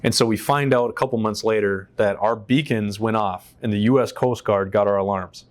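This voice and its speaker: A man from the United States, a veteran guest, telling his story in an interview in an animated, profane way and acting out what people said. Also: on the low side, normal speed. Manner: animated, profane, acts out quotes. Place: on a stage in a shop.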